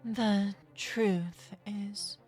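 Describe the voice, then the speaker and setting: A woman voicing an earnest young female legal assistant, reading in a slow, serious, measured way. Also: medium pitch, steady tone, darkish tone, soft background music.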